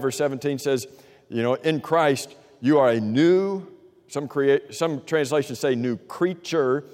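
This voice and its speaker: A man with a mid-range, darkish voice teaches an interactive Bible class, firing questions at the group and repeating their answers back. He's conversational, with frequent restarts and fillers, and a long hall reverb trails each phrase.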